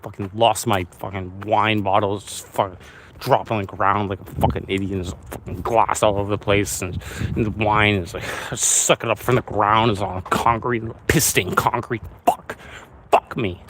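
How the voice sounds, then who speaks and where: A man's voice: lowish voice, steady tone, moderate pace, a bit bright, a little hiss or hum. A man vlogging while walking outdoors, ranting at himself in a stream of swearing. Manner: swearing, self-berating rant. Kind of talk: walking vlog monologue. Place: outdoors along city streets.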